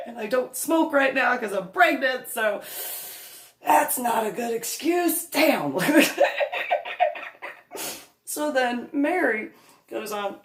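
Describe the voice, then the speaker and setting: A woman's voice: on the high side, lively intonation, slow pace, pauses often, fairly bright tone, echoey room. Laughing woman telling a story. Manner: laughs through her telling. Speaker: comedic storyteller. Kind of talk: comedic personal anecdote.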